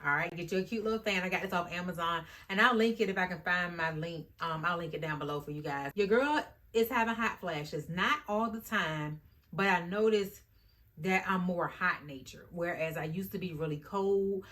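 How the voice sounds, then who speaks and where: A woman vlogger talking casually to the camera in a chatty, animated way, often addressing her viewers directly. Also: on the low side, normal speed. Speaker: YouTube vlogger.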